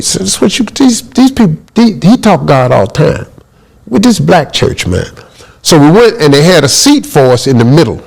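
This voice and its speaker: A middle-aged man telling a comic story in a lively way, acting out quotes and exclaiming as he goes. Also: on the high side, moderate pace, creaky, rough recording.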